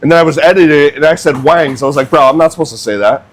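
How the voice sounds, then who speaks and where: A young man who cooks at a barbecue restaurant, telling a funny story in a casual, animated, self-mocking way as he works in the kitchen. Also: a little high, very fast, noisy background. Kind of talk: casual storytelling while cooking.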